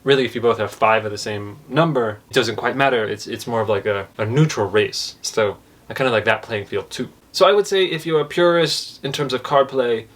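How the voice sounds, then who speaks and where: A man's voice: medium pitch, brisk, a bit bright. A man hosting a casual review, talking through his thoughts on a card game. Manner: thoughtful, comparing points while talking them through. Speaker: board game reviewer and host.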